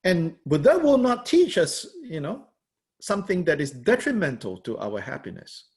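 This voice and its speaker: Gravelly-voiced man teaching, lively pitch. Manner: thoughtful, halting, many fillers and pauses; laughs lightly while explaining. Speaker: Buddhist teacher. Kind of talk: lecture commenting on a text.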